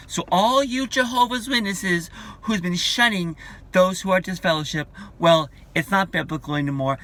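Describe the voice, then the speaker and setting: Slow, emphatic ranting man in his forties. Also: high voice, fairly bright tone. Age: 40s. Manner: emphatic, repetitive, combative. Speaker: vlogger. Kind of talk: ranting vlog monologue.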